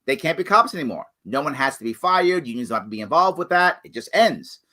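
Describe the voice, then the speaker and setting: A slightly high male voice at a quick pace belongs to the host of a live political Q&A show. He reads what viewers wrote and replies in an earnest, animated manner that moves between loud emphasis and quiet apology.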